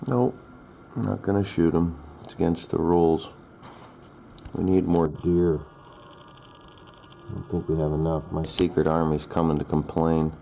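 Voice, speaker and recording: A man's voice: low-pitched, level tone, unhurried, vocal fry, long pauses, dark tone, slight background noise. A middle-aged male farmer talking in a casual vlog, blunt and wry, with some swearing.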